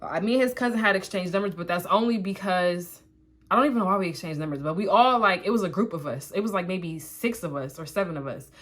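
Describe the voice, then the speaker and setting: A young woman vlogger does her makeup while telling her viewers a personal story, chatty and animated, with many asides and "like" fillers. Her voice is on the low side and fast, and she keeps an easy, conversational tone throughout.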